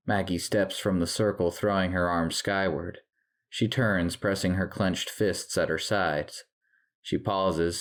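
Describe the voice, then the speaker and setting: A man reading a horror story as narrator, measured and dramatic. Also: low-pitched.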